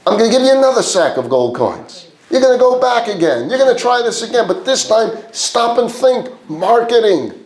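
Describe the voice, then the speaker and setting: A man's voice: very high-pitched, sing-song, moderate pace, hardly any pauses, darkish tone, pitched above the performer's own voice. A man voicing an exasperated father who scolds his son, talking in a raised, incredulous way. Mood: apologetic coaching. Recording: roomy echo.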